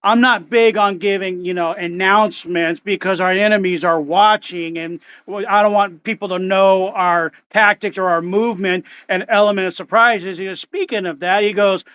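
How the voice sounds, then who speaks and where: Higher-voiced man, rambling storyteller. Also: fairly even intonation, normal speed, few pauses, sharp tone, smooth. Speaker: guest. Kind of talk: casual chat.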